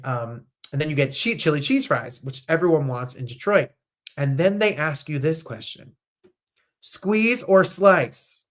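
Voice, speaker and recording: A host from New Jersey with a New Jersey accent, chatting casually and reading viewer comments aloud. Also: medium pitch.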